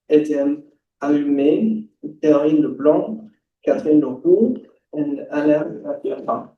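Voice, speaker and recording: A man's voice: fairly high pitch, warm tone. A man presenting a translation prize, chatting informally and reading a passage aloud. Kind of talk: ceremony speech with a read-aloud excerpt. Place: library event hall. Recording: roomy, distant mic.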